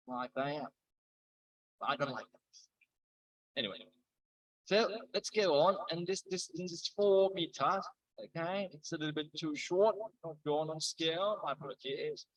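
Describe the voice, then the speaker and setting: A man's voice: fairly high pitch, animated, a little slow, low-quality recording. A middle-aged man lecturing a university engineering class live, mixing explanation with chatty, joking asides.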